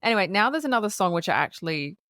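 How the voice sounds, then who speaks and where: A woman's voice: medium pitch, big pitch swings, rapid-fire, a bit bright, dry recording, studio quality. A woman co-hosting a casual film review podcast, giggling often and swearing freely as she retells scenes. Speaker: podcast co-host.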